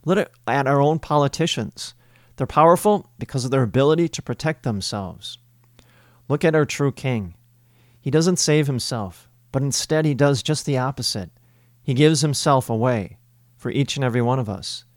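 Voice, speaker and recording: A man giving a homily as a priest, speaking in a measured, emphatic way with deliberate pauses. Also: mid-range voice, no echo, studio quality.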